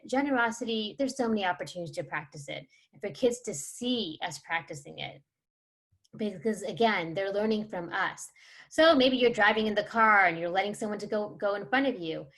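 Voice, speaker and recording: A woman leads a parenting workshop in a relaxed, conversational voice. She fills her talk with ums and little laughs and slips into acted-out everyday scenes to make her points. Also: mid-range voice. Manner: chatty, many fillers, laughs and acts out scenes. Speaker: workshop presenter.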